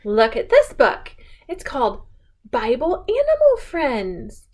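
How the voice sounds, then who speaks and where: Slow, sing-song woman reading to a child. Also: high voice. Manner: sing-song, animated, slow and coaxing, asks the child questions. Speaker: children's storyteller. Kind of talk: reading a picture book to a child.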